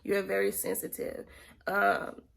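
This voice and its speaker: A young woman vlogger telling a personal story in an earnest, halting way, often repeating herself and sometimes dropping to a near whisper. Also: medium pitch, completely flat delivery, creaky.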